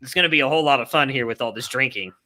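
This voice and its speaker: A man's voice: mid-range voice, racing, bright, forceful tone. A man co-hosting a casual podcast, joking and swearing as he chats with friends. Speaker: podcast co-host. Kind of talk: casual group chat.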